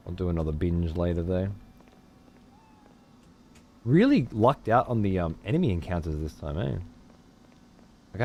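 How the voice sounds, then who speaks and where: A man streaming a game, chatting casually and swearing freely while answering his chat. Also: medium pitch. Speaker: let's play streamer. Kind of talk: casual gameplay commentary.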